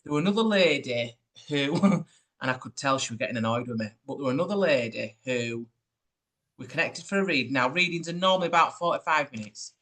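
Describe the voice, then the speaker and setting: A man, a spiritual medium chatting in an interview and telling his stories in a lively, rambling way. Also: medium pitch, fairly quick. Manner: chatty, animated storytelling with asides. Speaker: spiritual medium, podcast host. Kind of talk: casual chat.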